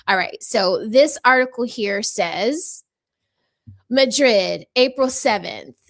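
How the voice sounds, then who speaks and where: A woman hosts a casual political commentary show and talks loosely and chattily. She wanders between reading news articles aloud and adding her own asides to her viewers. Her voice sits somewhat high for a woman. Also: a bit bright. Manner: chatty and rambling, addresses viewers as y'all.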